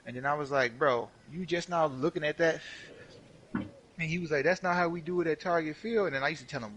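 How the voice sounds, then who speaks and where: Bright, animated young man telling stories. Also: a little high, a little fast, a little hiss or hum, poor audio. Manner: animated, profane, slangy, acts out quotes. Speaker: streamer. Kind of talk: casual storytelling while gaming.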